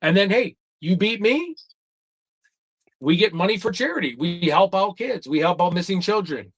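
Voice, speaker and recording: Man, livestream host, heated and profane, repetitive taunts, fairly high voice, dry close sound. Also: expressive, moderate pace, no echo. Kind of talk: livestream rant.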